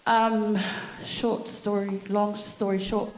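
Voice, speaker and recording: A middle-aged woman giving a personal eulogy at a family funeral service, telling her story slowly with many pauses. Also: medium pitch, little pitch movement. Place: church hall. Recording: echoey church hall.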